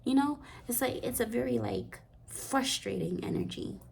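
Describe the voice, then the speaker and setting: A woman giving a rambling, soft-spoken tarot reading that often slips into a half-whisper. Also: fairly high pitch, moderate pace, creaky, a little hiss or hum. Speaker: tarot card reader. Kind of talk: intuitive pick-a-card reading.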